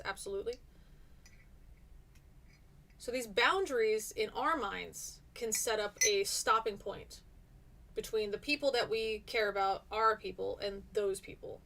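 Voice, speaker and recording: A woman's voice: mid-range voice, sharp tone. A woman teaching a live-streamed class, chatty and encouraging as she reads out and answers her students' comments.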